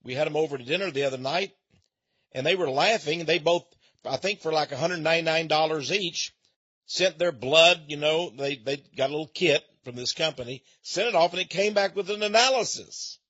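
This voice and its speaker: A man's voice: a little high, a little fast, fairly bright tone, dry recording, highs cut off. A man from Texas talking in a folksy monologue, a chatty storyteller with chuckling asides. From Texas, USA.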